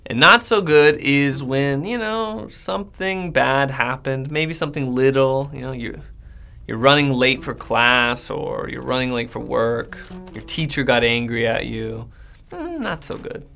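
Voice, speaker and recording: An American man, an English teacher, gives a casual lesson straight to the camera and acts out sample replies in a friendly, animated way. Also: medium pitch, measured pace, gravelly, faint music behind. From United States.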